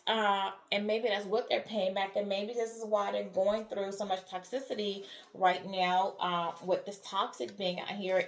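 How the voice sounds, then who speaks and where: A woman's voice: mid-range voice, creaky, echoey room. A woman giving a spiritual tarot reading who keeps checking in with "all right?" and "okay?". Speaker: tarot reader.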